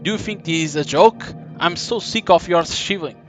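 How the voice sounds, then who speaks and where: A man's voice: on the high side, normal speed, music in the background, close to an everyday voice. A man voicing an angry young man who threatens to break a wand, read aloud plainly over a game. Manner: reads the dialogue aloud plainly.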